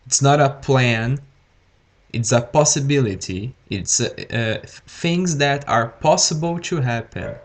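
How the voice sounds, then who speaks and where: Slow, careful male teacher. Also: medium pitch. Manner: deliberately slow, repeats words and says okay often. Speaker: English teacher. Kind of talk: live-streamed grammar lesson.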